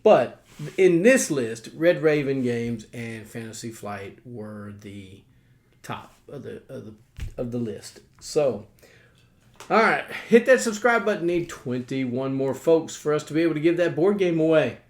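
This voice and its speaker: A man's voice: medium pitch, animated, measured pace. A man with a country accent, hosting a casual board game chat with a folksy, rambling manner full of fillers. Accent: American Southern rural. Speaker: host.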